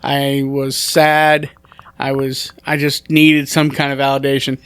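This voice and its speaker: A man's voice: mid-range voice, monotone, a little slow, a bit bright, clear, resonant tone, dry recording. A man who is a stand-up comedian talking casually on a podcast in a rambling, self-deprecating way, with many restarts.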